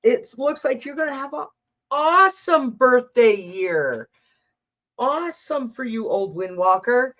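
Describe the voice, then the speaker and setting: Slow chatty woman reading tarot. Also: fairly high pitch, lively intonation, fairly bright tone, dull audio. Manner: chatty, thinks aloud, self-correcting. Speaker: tarot reader. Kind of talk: live tarot reading chat.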